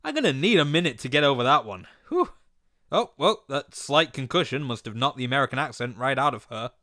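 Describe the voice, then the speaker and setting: A man's voice: mid-range voice, big pitch swings, a little fast, sharp tone. A man giving comedic cartoon-review commentary in an incredulous, sarcastic and profane manner.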